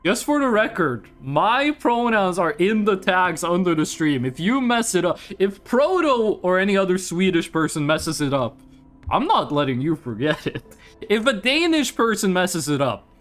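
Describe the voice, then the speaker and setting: High-pitched, lively young man streamer. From Scandinavia. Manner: joking, teasing banter with chat; animated, quick swings in pitch. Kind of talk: casual gaming stream chat.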